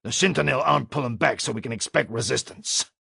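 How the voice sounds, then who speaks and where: A marine sergeant barks out short, curt orders, voiced by a male narrator. His tone is gravelly and husky, with a lively rise and fall. The recording is close and dry. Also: mid-range voice, quick pace, dry recording, heavily acted. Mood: commanding.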